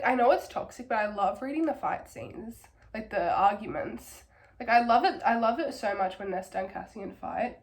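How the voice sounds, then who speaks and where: Hoarse young woman ranting about a book. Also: fairly high pitch. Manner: rambling, filler-heavy, enthusiastic. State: hoarse from a cold. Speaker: book reviewer. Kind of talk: casual ranting book review.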